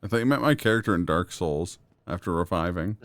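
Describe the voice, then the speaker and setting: A man's voice: low voice, animated, fairly quick, no echo. A man chatting casually on a live gaming stream, often laughing and rambling through stories.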